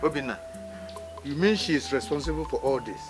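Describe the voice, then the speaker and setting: A man's voice: on the high side, expressive, fairly quick, lightly acted. A man with a Nigerian accent playing a distraught father who pleads with his hurt son and keeps repeating his questions. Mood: indignant. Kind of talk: film drama acting. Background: film score music.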